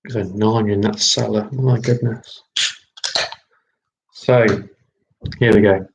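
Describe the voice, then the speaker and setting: Slow-talking man hosting a quiz. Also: on the low side, steady tone, vocal fry, dull audio, background noise. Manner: chatty, repeats lines, drawn-out phrasing. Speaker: quiz host. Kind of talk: live online quiz hosting.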